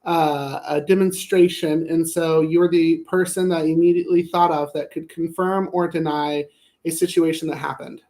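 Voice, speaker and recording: A man hosting a live talk on anger management, blunt and profane, swinging between loud outbursts and low asides. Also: level tone, normal speed. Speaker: host. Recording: echoey room, voice far from the mic.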